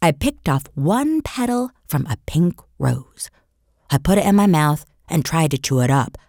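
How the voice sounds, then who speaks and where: A woman reads a children's story aloud in the first person, voicing a young boy telling his own tale. Her voice sits on the lower side but moves with animated, lively rises and falls. The sound is close and dry, with no room around it. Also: measured pace, no echo. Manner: expressive storytelling. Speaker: audiobook narrator.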